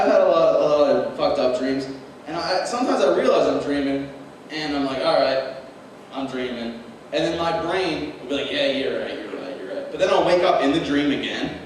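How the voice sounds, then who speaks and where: A young man doing rambling stand-up on a small club stage, his slightly high voice caught from across an echoey room. He keeps tripping over his words and chuckling at his own punchlines, with a steady hiss of noise under everything. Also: moderate pace. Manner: rambling, self-deprecating, laughs at own jokes. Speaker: stand-up comedian. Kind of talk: open-mic stand-up comedy. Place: small club with live audience. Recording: echoey room recorded from a distance, noisy.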